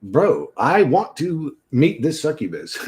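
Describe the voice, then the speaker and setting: A man's voice: on the high side, wildly swooping pitch, slow, darkish tone. A man streaming casual chat with viewers, talking in a crude, profane way and laughing often.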